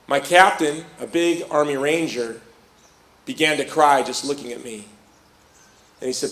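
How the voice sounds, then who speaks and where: A man's voice: fairly high pitch, unhurried, pauses often. Storytelling middle-aged man in a roomy hall. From Chicago. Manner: lively storyteller who acts out quoted voices. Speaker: speaker. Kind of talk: personal story told to a live audience.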